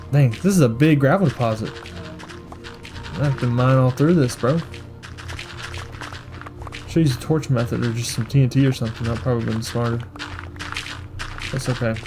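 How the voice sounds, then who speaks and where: Rambling young man, gameplay commentary. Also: medium pitch. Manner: rambling, joking, self-mocking. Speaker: gaming streamer.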